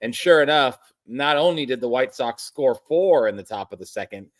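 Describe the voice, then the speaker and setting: A man co-hosting a sports betting podcast, teasing his partner in a dry, deadpan way. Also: mid-range voice, moderate pace, dry recording. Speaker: podcast co-host. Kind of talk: casual sports betting chat.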